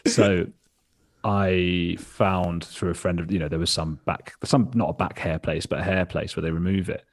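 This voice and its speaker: A man in his early thirties talks as a guest on a podcast, with a very low voice. He rambles through his stories in a self-mocking way, laughing and swearing casually. His tone has a husky, breathy edge. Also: level tone, normal speed, no echo. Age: 30s. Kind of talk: casual interview chat.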